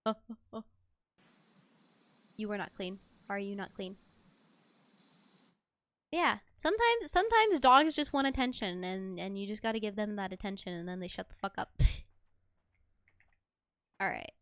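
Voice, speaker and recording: A woman's voice: mid-range voice, animated, normal speed, pauses often, a bit bright, no room sound. A woman streaming a game and chatting casually, giggly and swearing offhand. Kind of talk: casual gameplay chat.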